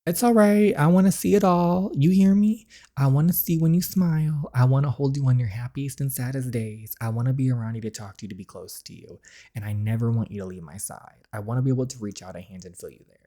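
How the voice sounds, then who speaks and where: A man voicing a tender, earnest young man in a story game, read softly at low volume. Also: fast talker, lightly acted. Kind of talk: game dialogue read aloud.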